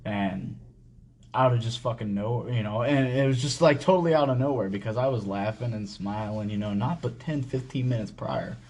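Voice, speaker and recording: A man hosting a podcast, telling a personal story in casual talk, halting and full of swearing and fillers. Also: medium pitch, darkish tone. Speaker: podcast host.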